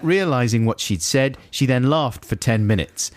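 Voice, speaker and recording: A man's voice: medium pitch, expressive, moderate pace, no room sound. A man co-hosting a radio show, reading listener emails aloud with playful banter. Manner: playful, breaks into laughter, mimics quoted people. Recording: dry radio studio.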